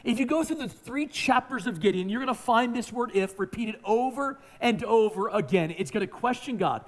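High-voiced man preaching with emphasis. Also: animated, normal speed, hardly any pauses. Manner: emphatic, swings from hushed to near-shouting. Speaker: pastor. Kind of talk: sermon.

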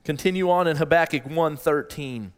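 Earnest pastor in a reverberant hall. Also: male voice, moderate pace, smooth. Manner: earnest, repeats phrases, rises in pitch when voicing pleas. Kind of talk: sermon. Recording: long reverb in a large hall.

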